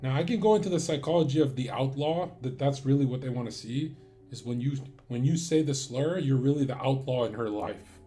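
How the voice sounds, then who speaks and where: A man's voice: medium pitch, a little fast, mellow, soft background music. A man streamer talking in a casual, crude and rambling monologue full of swearing.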